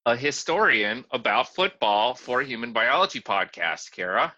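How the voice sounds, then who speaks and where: A man with a very bright, forceful voice chats casually as a podcast co-host, trading dry jokes with his partner. The audio sounds a little dull and lo-fi. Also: mid-range voice, sing-song, moderate pace.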